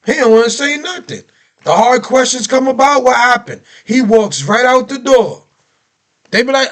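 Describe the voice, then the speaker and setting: High pitched dude ranting on his reaction vid, aave, keeps asking rhetorical questions. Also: moderate pace. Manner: animated, ranting, repeats himself, rhetorical questions. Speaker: reaction video host. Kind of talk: heated political reaction commentary.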